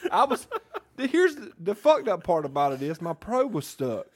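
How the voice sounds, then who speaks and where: A man co-hosting a podcast, chatting casually over drinks, excitable and swearing often as he tells stories. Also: high-pitched, normal speed. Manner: excitable, swears, laughs while telling stories. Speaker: podcast co-host.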